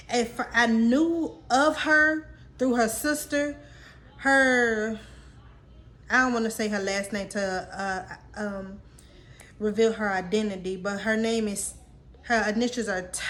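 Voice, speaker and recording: A woman's voice: medium pitch, a bit bright. A woman in her late twenties telling a personal story to her viewers in a candid, casual, slang-filled way. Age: late 20s. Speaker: vlogger.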